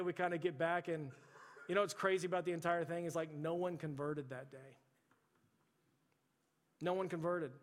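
A man, preaching a sermon in a chatty storytelling way, with lots of restarts. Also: fairly high pitch. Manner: conversational storytelling with frequent restarts and "like". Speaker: pastor. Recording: reverberant church hall.

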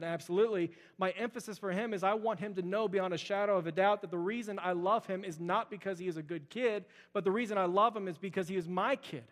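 Young male pastor, earnest sermon delivery, high voice, long church reverb. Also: a bit bright. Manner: earnest, repetitive emphasis.

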